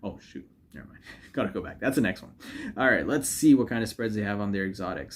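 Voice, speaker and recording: A forex trading YouTuber talks casually over his screen share, rambling, cracking jokes and correcting himself amid plenty of fillers. His voice is fairly low, animated and quick.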